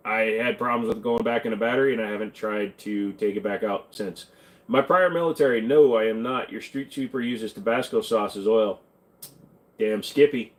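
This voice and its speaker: A man hosting a livestream, answering viewer questions in casual chat with a crude, joking, offhand manner. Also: lowish voice.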